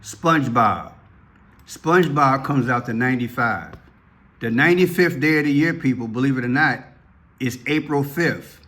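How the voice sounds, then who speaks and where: A man's voice: lively intonation, moderate pace, sharp tone. Repetitive, talky male video commentator. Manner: repeats himself, keeps addressing viewers; rises sharply in pitch when worked up. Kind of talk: casual commentary to viewers.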